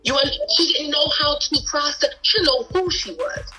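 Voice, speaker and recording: Woman guest in her thirties, high bright voice, passionate and playful. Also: normal speed, soft background music, low-quality recording. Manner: playful and passionate, laughs often. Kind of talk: podcast interview.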